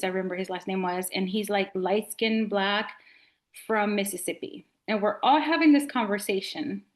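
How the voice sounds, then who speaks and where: A middle-aged woman from Nicaragua, a podcast guest telling a story in casual conversation and acting out what people said. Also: medium pitch. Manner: animated storyteller acting out quotes.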